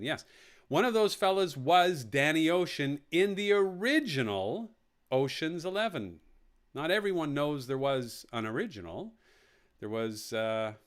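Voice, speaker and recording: A man hosts a live quiz, reading out each question and its four answer options and then repeating them. He drops jokey asides between questions. His voice sits fairly high and swings up and down a lot. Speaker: quiz host. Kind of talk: live online quiz hosting.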